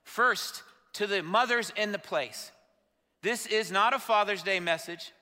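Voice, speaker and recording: A pastor with a bright, high voice preaches a sermon at a measured pace in a church sanctuary, speaking conversationally and putting questions to the congregation. The recording has the reverberant sound of a church hall.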